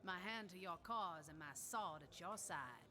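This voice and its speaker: A woman's voice: on the low side, animated, a little slow. A woman voicing a boisterous retired woman warrior with a Southern American accent, folksy and rousing in a video game. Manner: folksy, rousing, full of old sayings. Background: game music.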